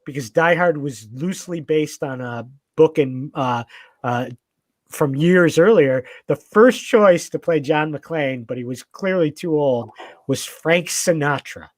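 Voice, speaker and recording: A man's voice: fairly high pitch, measured pace, no room sound. A man in casual podcast chat, talking with enthusiasm and rambling through many fillers and restarts.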